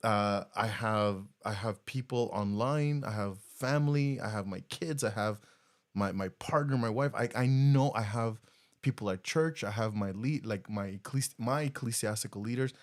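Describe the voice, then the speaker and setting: A middle-aged man co-hosting a casual podcast, talking earnestly with halting restarts and repeated words. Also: on the low side. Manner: earnest, halting, repeats words, laughs when getting emotional. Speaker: podcast co-host.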